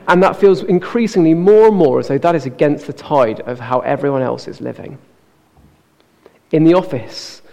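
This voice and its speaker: A man preaching a sermon in earnest, slowing down to stress key words. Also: on the high side, darkish tone, in a large hall.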